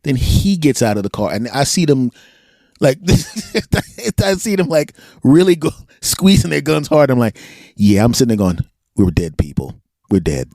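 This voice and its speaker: A man's voice: fairly high pitch, moderate pace, vocal fry, dry recording, clean studio sound. An American man hosting a podcast, telling stories in casual chat, acting out quotes and laughing often. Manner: animated storyteller, acts out quotes, laughs often. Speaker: podcast host.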